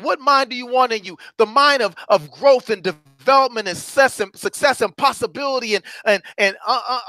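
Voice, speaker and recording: Man, middle-aged, high-pitched, bright and forceful, fiery preacher-style motivational coach, dry close recording. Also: no echo. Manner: fiery, preacherly, swings from loud to hushed.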